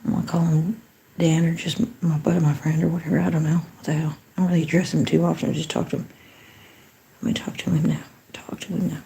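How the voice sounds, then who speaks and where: A woman hosts a casual livestream in a low, gravelly voice with a mellow, dark tone. She chats loosely with viewers, sends blessings, and keeps slipping into soft whispered asides. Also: level tone, fast talker, a little hiss or hum. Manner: blesses and greets viewers warmly by name. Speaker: livestream host.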